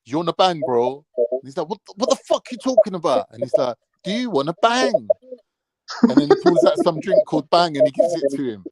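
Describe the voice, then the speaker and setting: A man's voice: fairly high pitch, big pitch swings, brisk, a crowd in the background. A man, laid-back and jokey in a casual panel chat.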